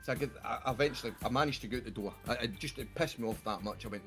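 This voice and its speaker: Talking rapid-fire at a medium pitch over music, a Scottish man streams a game and rambles through a sweary story to friends. It's a casual voice-call chat captured on a desktop mic.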